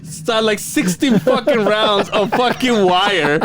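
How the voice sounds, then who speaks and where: A man's voice: high-pitched, unhurried, fairly bright tone, a little hiss or hum. A man co-hosting a podcast, telling a story in a loose, profane, laughing way. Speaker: podcast co-host. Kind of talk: casual storytelling chat.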